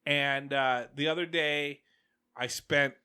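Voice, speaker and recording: A man's voice: medium pitch, fairly even intonation, slow, pushed and bright, smooth. A man in his forties hosting a podcast, telling family stories in a rambling, casual way with many restarts. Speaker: podcast host. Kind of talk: casual chat. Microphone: headset.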